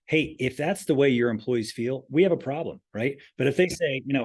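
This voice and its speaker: A company president appears as a podcast guest, talking earnestly, restarting phrases often and pressing hard on key points. His mid-range voice has a darkish tone, and he speaks a little fast with hardly any pauses.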